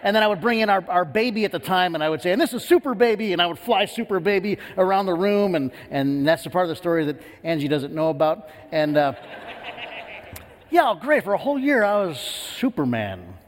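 Animated pastor preaching in a reverberant hall. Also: male voice, high voice, fairly quick. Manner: animated storytelling with lively quoted voices. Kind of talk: sermon. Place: church sanctuary.

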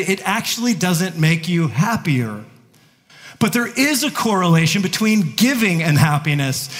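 A man preaching a sermon to his congregation, talking in a playful, conversational way and chuckling between points. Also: fairly high pitch. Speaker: pastor. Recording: long reverb of a large hall.

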